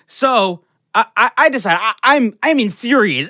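A young man tells a crude story with animated, profane energy, piling up restarts and fillers. His voice is bright and forward, recorded close with almost no room sound. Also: very high voice, unhurried, dry recording. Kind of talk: casual comedic storytelling.

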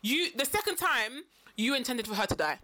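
A woman's voice: high-pitched, big pitch swings, normal speed, bright, forceful tone, slight background noise. A woman co-hosting a podcast, chatting casually and animatedly, often laughing. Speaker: podcast co-host. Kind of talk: casual chat.

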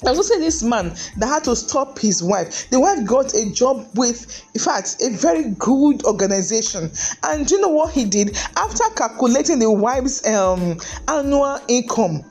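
A woman's voice: a little high, animated, normal speed, darkish tone, faint music behind. A middle-aged woman, a lawyer giving an earnest, emphatic talk on marriage, often repeating words and throwing in "hey". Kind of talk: preachy motivational talk.

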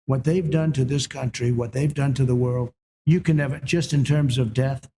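A man's voice: mid-range voice, fairly even intonation, moderate pace, dark tone, a little hiss or hum. An older man answering in a TV interview, boastful and repetitive, leaning hard on emphatic claims.

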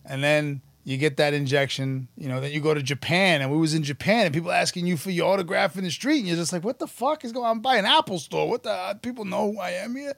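Gravelly-voiced, animated New man. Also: fairly high pitch, quick pace, few pauses, no room sound. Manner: animated, profane storytelling, acts out his past self. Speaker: podcast guest, musician and actor. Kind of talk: casual storytelling interview.

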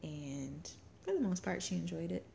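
A woman's voice: on the low side, expressive, moderate pace, vocal fry, mellow, slight background noise. A young woman co-hosting a casual chat show, telling family stories in a chatty way and laughing often. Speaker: podcast co-host.

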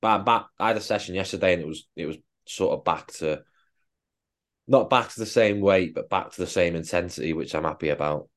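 A man's voice: sits low, a little fast. A man co-hosting a podcast, a fitness coach chatting casually and swearing bluntly. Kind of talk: casual chat.

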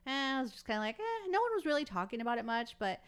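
A woman co-hosting a podcast in casual chat, an animated storyteller who rambles with many fillers. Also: fairly high pitch, racing, clean tone. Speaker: podcast co-host.

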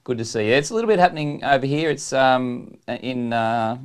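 A man's voice: mid-range voice, normal speed, clear, resonant tone. A man with an Australian accent hosting a casual interview podcast, joking and laughing at his own bad jokes. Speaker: podcast host.

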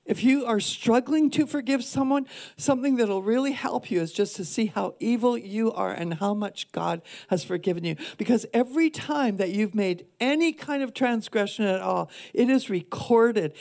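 A woman's voice: mid-range voice, gravelly, a little mellow. A woman minister preaching a sermon with earnest emphasis, repeating key points for weight. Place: church.

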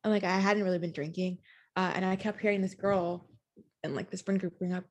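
A woman in her twenties co-hosting a podcast, telling stories in a chatty, animated way with lots of "like". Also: fairly low pitch, fairly quick. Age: 20s. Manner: chatty, animated storytelling with frequent "like". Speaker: podcast co-host. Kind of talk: casual chat.

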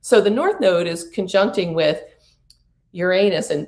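A woman's voice: fairly low pitch, expressive, measured pace, darkish tone. A middle-aged woman giving a spiritual prosperity coaching talk about astrology, speaking in an earnest, soothing way with playful asides.

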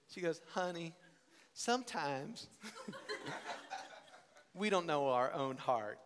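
A man, a worship leader, telling a personal story with animated, laughing delivery and acting out family members. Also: on the high side. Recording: reverberant hall.

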